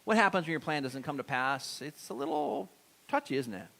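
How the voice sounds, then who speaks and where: A man's voice: on the high side, big pitch swings, a little fast, creaky, a bit bright. A middle-aged man preaching a sermon in a church, talking conversationally and putting questions to the congregation. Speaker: pastor. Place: church sanctuary.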